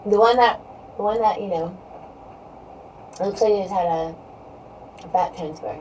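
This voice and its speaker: A woman's voice: medium pitch, unhurried, dark tone. A woman live-streaming and chatting casually with her viewers, rambling from topic to topic and filling her talk with "you know". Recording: distant mic with faint background noise.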